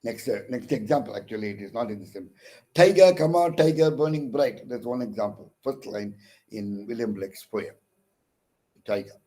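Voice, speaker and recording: On the low side and dark in tone, this man's voice stays steady at normal speed, with an Indian English accent. A counsellor teaching English literature, he gives an online lecture on poetic meter, hesitating with many fillers and restarts and stressing syllables when reading examples.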